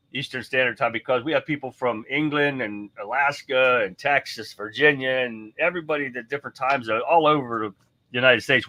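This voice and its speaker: A man's voice: mid-range voice, pushed and bright. A man hosting a live stream, chatting off the cuff in a rambling, blunt way with some mild swearing. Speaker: livestream host. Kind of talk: casual live-stream chat.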